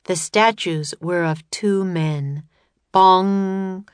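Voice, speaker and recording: A woman's voice: fairly low pitch, a little slow, dry recording. Woman narrating a children's story. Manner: steady, clear storytelling. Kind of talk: scripted audiobook narration.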